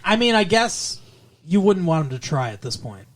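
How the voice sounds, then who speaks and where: A man co-hosting a movie podcast in casual chat, joking, laughing often and slipping into quick impressions. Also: sits high, sing-song, a little hiss or hum. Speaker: podcast co-host.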